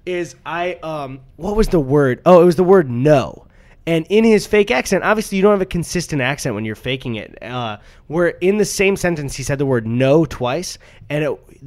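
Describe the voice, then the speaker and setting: A man's voice: on the high side, dry recording. A young man co-hosting a podcast, telling rambling stories in casual chat and laughing often. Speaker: podcast co-host.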